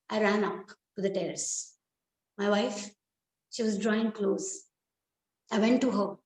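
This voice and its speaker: A woman telling a dramatic first-person story in a slow, deliberate, expressive way. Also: medium pitch. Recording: echoey room.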